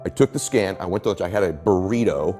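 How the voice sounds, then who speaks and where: A man's voice: deep voice, quick pace, dark tone, faint music behind. A middle-aged man in a motivational interview, telling stories emphatically and acting out quoted lines. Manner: emphatic, storytelling, acts out quotes. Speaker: interview guest, coach.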